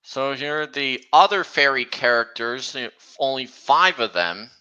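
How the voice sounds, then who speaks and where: Slow, halting man with a bright voice. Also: medium pitch, animated, clear, resonant tone, highs cut off. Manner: halting, many restarts, slow and meandering. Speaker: streamer. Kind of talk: casual chat.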